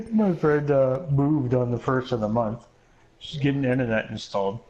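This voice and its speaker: A man's voice: medium pitch, unhurried, darkish tone, highs cut off. A man in a casual chat while gaming, making dry joking remarks.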